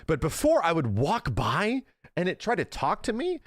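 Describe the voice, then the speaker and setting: A man's voice: fairly high pitch, huge pitch swings, moderate pace, no room sound, studio quality. A man in his thirties chatting casually to his stream viewers, ranting in an exasperated way and swearing often.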